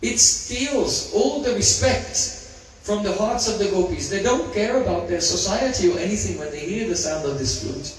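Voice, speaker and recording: A man voicing a bold, sharp-tongued young woman who taunts and speaks boldly, in a storytelling talk. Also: sits high, expressive, moderate pace. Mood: urging. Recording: very echoey hall, mic far off.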